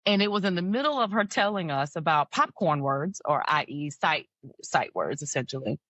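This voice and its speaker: Speaking as a guest on a podcast, a woman who works as a mental health counselor shares personal stories with reflective candor and frequent soft laughter. Her deep voice is animated and moderately paced, captured in a dry, lo-fi recording.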